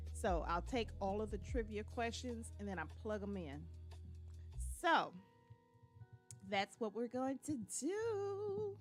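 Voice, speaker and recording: Chatty woman host, casual live-stream talk, fairly high voice. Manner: chatty, reads viewer comments aloud, drops to a low voice at times. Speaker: livestream host. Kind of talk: casual livestream chat with viewers.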